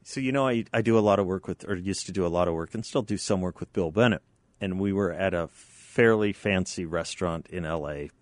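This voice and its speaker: A man hosting a studio radio talk show, joking with his guests and laughing loudly at his own stories. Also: low-pitched, brisk, dry recording.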